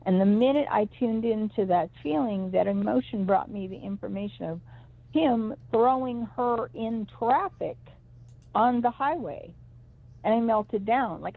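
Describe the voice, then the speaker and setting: A middle-aged woman who works as a psychic reader calls in to a show to tell a personal story, rambling and emphatic with many restarts. Her voice is on the high side, unhurried and gravelly, over a tinny phone line.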